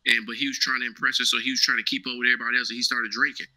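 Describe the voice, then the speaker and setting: A man's voice: mid-range voice, level tone, racing, sharp tone, rough recording. A man, a former Marine, telling a casual story as an interview guest. He talks animatedly, acts out the dialogue and keeps checking in with "right?".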